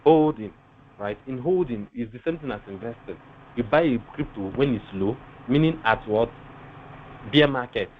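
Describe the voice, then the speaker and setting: Man, webinar instructor, mid-pitched voice, asks the class quiz-style questions, tinny phone-like sound, faint background noise. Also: lively intonation, normal speed. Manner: asks rhetorical fill-in questions like "what?". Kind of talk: live online class teaching. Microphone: online call mic.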